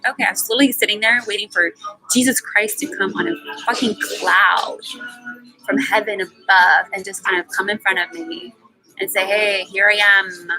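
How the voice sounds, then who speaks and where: A woman streaming live and pouring out her frustrations in blunt, cursing bursts, her voice leaping up in pitch when she presses a point. Music plays clearly behind her the whole time. She has a middle-pitched, conversational voice. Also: bright, forceful tone, rough recording. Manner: emphatic, profane venting with sudden pitch jumps. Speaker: livestream host. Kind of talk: unscripted emotional monologue.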